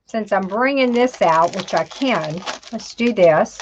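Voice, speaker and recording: Woman, live craft tutorial host, slow and chatty, talks to herself while working, mid pitch, dull lo-fi stream audio. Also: animated, slight background noise. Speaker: craft instructor.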